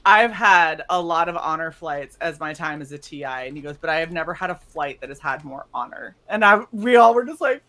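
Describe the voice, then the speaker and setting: A woman's voice: deep voice, animated, brisk, few pauses, fairly bright tone. A young woman co-hosting a casual stream, animatedly telling stories, swearing freely and acting out quotes. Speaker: stream co-host. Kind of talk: casual storytelling chat.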